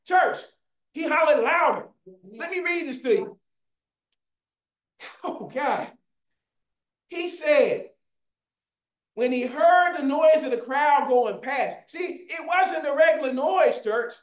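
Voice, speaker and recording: High-pitched fervent preacher in an echoey church. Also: lively intonation, takes it slowly, pauses often. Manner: fervent, shouting, calls out to the congregation. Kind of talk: sermon. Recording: echoey room.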